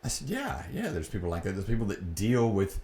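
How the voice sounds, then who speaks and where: A man's voice: lowish voice, wildly swooping pitch, brisk, a little mellow. A middle-aged man hosting a podcast, earnestly recounting a personal story and acting out the dialogue. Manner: earnest, reflective, re-enacts dialogue. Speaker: podcast host. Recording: echoey room with faint background noise.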